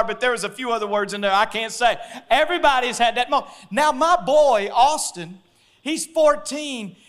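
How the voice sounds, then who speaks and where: Man, middle-aged pastor, very high voice, animated sermon, jokey asides.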